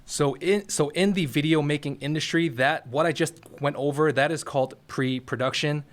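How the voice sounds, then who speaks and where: A man's voice: on the high side, normal speed. A young man hosting a YouTube how-to, coaching viewers in a direct, casual way and checking in with "all right?" He is in his office next to a firehouse. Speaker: YouTube tutorial host. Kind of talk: casual how-to talk to camera.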